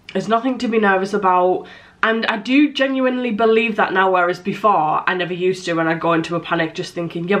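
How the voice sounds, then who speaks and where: A young British woman chatting to the camera in a casual vlog, rambling and a bit nervous and out of breath. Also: mid-range voice. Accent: British English. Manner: chatty, rambling, self-deprecating. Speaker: vlogger.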